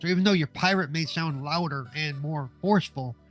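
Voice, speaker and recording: A man's voice: fairly high pitch, a little fast, a bit bright, soft background music. Joking male podcast co-host. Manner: joking, self-deprecating. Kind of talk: casual interview chat.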